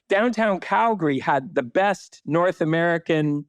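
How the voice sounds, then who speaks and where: A man's voice: fairly high pitch, lively intonation, normal speed, no room sound. A man speaking as a city planner guest in a conversational podcast interview, emphatic and blunt, with occasional swearing.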